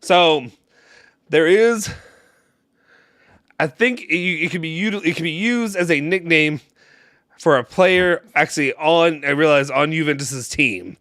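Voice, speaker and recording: A man's voice: fairly high pitch, unhurried, long pauses, fairly bright tone, no echo, studio quality. A young man co-hosting a fan live stream, joking and teasing with a laugh in casual chat. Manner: playful, laughs often, teasing.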